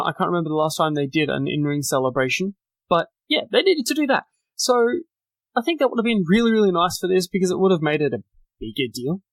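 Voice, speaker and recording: A man on his own podcast runs through the week's wrestling with a chatty, opinionated flow. His voice sits a little on the high side. It is recorded close and dry, with no room sound. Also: no room sound. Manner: chatty, opinionated, animated recap with asides. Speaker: podcast host. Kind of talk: solo wrestling recap podcast.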